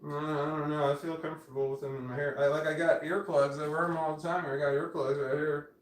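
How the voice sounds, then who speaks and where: Speaking quickly with a slightly high, fairly flat voice, this livestreamer in his forties chats casually indoors at home. He rambles, curses and keeps interrupting himself, heard off-mic through a phone camera in a room with echo.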